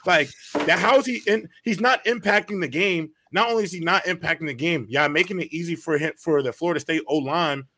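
A man's voice: a little high, a little fast, pushed and bright. A man co-hosting a casual sports podcast, making his points emphatically and repeating them. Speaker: podcast co-host.

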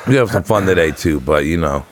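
A man with a rumbling, very low voice hosts a casual podcast. He jokes, swears freely and talks loosely with his co-host. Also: animated, fairly quick, a crowd in the background. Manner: loose, profane, laughing banter. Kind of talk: casual chat.

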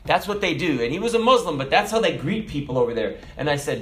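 Animated preacher with big swings. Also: male voice, fast, few pauses. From America. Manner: animated storytelling preacher, jumps loud and high then drops soft. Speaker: pastor. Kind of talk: sermon.

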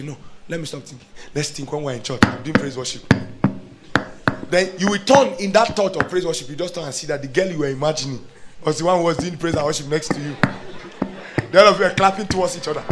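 A man preaching as a pastor, swinging from loud declarations to hushed, acted-out inner voices. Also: sits high, a little hiss or hum. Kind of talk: sermon.

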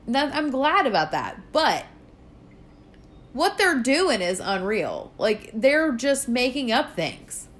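Profane ranting woman podcaster. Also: on the high side. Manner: profane, animated ranting with many fillers. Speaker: podcast host.

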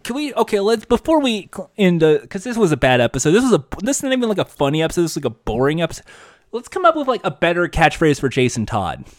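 A man's voice: high voice, quick pace, no echo, clean studio sound. A man co-hosting a podcast, chatting casually about a TV episode, laughing often and swearing freely. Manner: animated, laughing, swearing, puts on goofy voices. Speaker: podcast co-host. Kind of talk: casual chat reviewing a TV episode.

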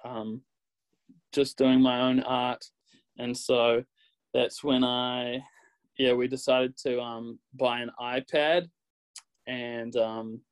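A young man from New Zealand with a Kiwi accent, a graphic designer chatting casually as an interview guest, relaxed and laughing often. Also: medium pitch, low-quality recording.

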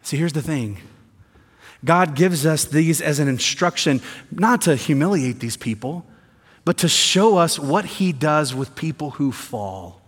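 A male pastor delivers a sermon, dropping to quiet, deliberate points and then building in intensity, sometimes with sarcasm. His voice sits slightly high for a man. The sound rings out with the long reverb of a large church hall. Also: lively intonation, slightly rough. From American South. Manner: swings from quiet emphasis to rising intensity, sarcastic asides.

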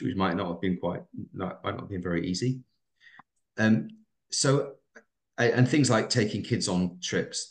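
A man muses aloud at length, full of ums and restarts. His voice sits very low. The room around him rings with echo. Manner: reflective, rambling with fillers. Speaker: podcast co-host and teacher. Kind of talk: casual podcast chat.

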